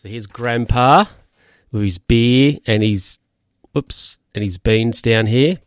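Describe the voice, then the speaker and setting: A man's voice: medium pitch, takes it slowly, dry recording. A man reading a children's picture book aloud, breaking off for wry, amused asides. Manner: amused, ad-libbing wry comments. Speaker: reader.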